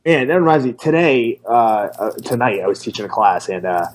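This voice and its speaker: A man's voice: medium pitch, expressive, brisk. A man who coaches martial arts, co-hosting a casual podcast with crude, joking banter.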